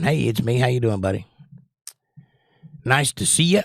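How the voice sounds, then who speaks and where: A man's voice: mid-range voice, animated, moderate pace, vocal fry, no echo, studio quality. A man hosting a casual livestream, reading viewer comments aloud and rambling between them. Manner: chatty, rambling, reads chat aloud. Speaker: livestream host.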